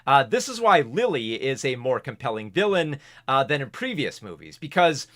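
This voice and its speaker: Animated man reviewing films casually. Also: medium pitch, moderate pace. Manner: rambling, restarts sentences, laughs at himself. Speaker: movie reviewer. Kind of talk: casual spoken film review. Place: home recording setup with camera and big monitor.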